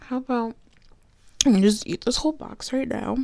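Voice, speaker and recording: A young woman in a whispered role-play, speaking softly close to the mic, giggly and tearful. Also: fairly high pitch, moderate pace, pauses often, dry recording. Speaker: audio role-play performer.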